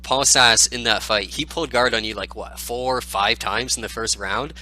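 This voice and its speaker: A man hosting a casual interview, asking questions in a relaxed, conversational way. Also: mid-range voice, normal speed, low-quality recording. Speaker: interviewer, host.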